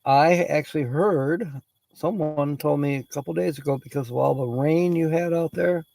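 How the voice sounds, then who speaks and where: Male livestream host, gravelly and dark, casual reader of word trivia, dry close sound. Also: a little high, normal speed, dry recording, rough recording. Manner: chatty, laughs often, greets viewers by name. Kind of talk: casual chat, reading word origins aloud.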